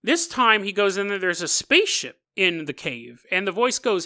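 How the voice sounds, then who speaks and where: A man's voice: sits high, big pitch swings, normal speed, hardly any pauses, pushed and bright. A male podcast host retelling a strange story in a comedic way, full of jokey asides and chuckles. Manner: jokey asides, laughs through the telling.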